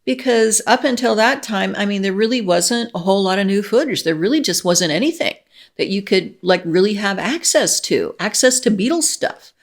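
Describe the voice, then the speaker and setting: Gravelly, gushing middle-aged woman. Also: medium pitch, moderate pace. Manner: gushing, excitable, many restarts and laughs. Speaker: vlogger. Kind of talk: casual chat to camera.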